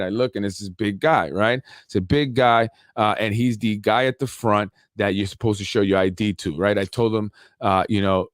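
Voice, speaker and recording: New guy ranting about his run-in, low voice, dry sound, slangy and repeats stuff. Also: no room sound. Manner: animated, street-slang, repeats himself for emphasis. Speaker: show host. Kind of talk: casual storytelling monologue.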